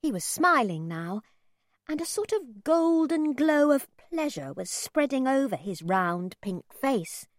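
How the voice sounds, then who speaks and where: A woman narrating a first-person children's story in an expressive, measured reading. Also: high-pitched, no echo, studio quality. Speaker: audiobook narrator.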